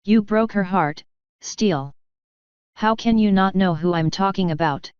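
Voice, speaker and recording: A woman's voice: medium pitch, unhurried, smooth, no room sound, dull audio, natural voice. Woman reading an icy, furious unicorn mare. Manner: clipped, cold and cutting.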